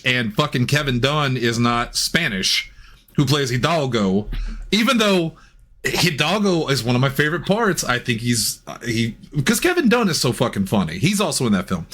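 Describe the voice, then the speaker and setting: A man's voice: medium pitch, fairly bright tone. A man co-hosting a podcast, rambling in a casual film review chat, laughing easily and swearing. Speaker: podcast co-host.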